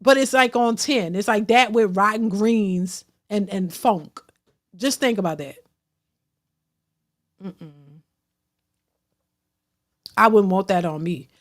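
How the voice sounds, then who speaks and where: The host of a casual reaction livestream, a woman with a medium-pitched voice, speaks slowly with long pauses. She reads super chats and shares blunt opinions, outspoken throughout, with frequent restarts and repeated phrases.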